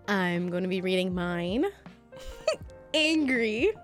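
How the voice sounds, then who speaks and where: A woman's voice: mid-range voice, animated, takes it slowly, soft background music. A woman co-hosting a casual podcast, bubbly and giggling often between lines. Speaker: podcast co-host. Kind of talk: casual chat, party game.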